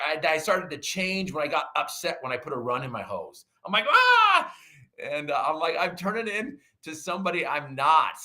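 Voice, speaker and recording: Bright-voiced, animated middle-aged male storyteller. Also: mid-range voice. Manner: animated storyteller, acts out his own quoted lines. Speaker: podcast guest.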